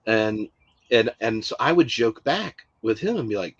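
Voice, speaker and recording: Chatty man, low voice, dull lo-fi sound. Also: animated, moderate pace, husky. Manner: rambling, many fillers and restarts. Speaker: podcast co-host. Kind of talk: casual chat.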